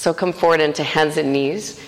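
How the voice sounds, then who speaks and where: Woman yoga teacher, low voice, calm class guidance, counts breaths, long reverb in the studio. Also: normal speed. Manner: relaxed, many "like" fillers, counts breaths aloud. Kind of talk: guiding a live yoga class.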